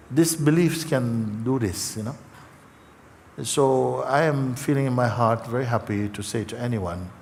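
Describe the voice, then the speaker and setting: A man giving a gentle spiritual talk to an audience, slow and halting, with many fillers and repeated words, emotional at times. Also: medium pitch. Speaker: spiritual teacher. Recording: hall reverb, faint ambience.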